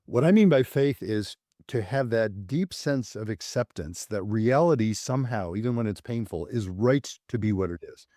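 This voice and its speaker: Male psychologist guest, mellow and low, measured delivery, dry close sound. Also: lively intonation, no echo. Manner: thoughtful, measured, gently laughing. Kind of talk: conversational interview.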